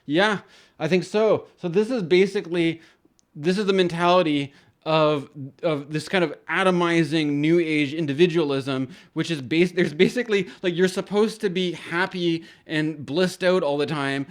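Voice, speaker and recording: Rambling man with a higher voice. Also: moderate pace. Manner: rambling, many restarts, casual swearing. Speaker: astrology channel host. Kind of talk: casual spoken monologue.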